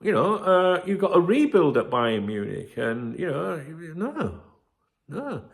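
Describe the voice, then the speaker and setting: This football fan channel host speaks slowly in a gravelly, high-leaning voice that's very animated. His solo commentary is casual and rambling, heavy on swearing, fillers and asides.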